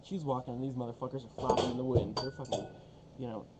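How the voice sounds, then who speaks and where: A man's voice: medium pitch, steady tone, quick pace, very noisy. A young man telling a story casually on a vlog, profane and rambling, full of fillers and swearing.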